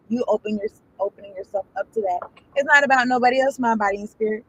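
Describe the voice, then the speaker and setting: A woman's voice: fairly high pitch, quick pace, fairly bright tone, slightly rough, low-quality recording. A woman doing a casual tarot reading, reading card text aloud and then riffing on it in a loose, profane, chatty way. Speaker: tarot reader.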